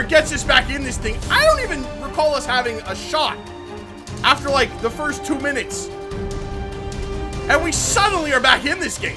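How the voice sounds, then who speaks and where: A man commentating his own football video game match, muttering in frustration and shouting out at goals and bad calls. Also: very high voice, animated, normal speed, over music. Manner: frustrated muttering between outbursts. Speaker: gaming YouTuber. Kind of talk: live gameplay commentary.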